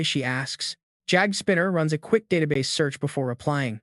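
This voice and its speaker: A man's voice: a little high, moderate pace, fairly bright tone, dry recording, clean studio sound. A man narrating a comic-book story recap in a scripted, dramatic storytelling manner.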